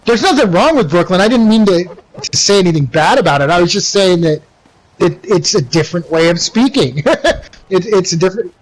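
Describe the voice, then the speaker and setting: A man's voice: high-pitched, lively intonation, brisk, poor audio. A young man from the United States chatting casually while livestreaming a game, rambling with many fillers and restarts. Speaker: livestreaming gamer.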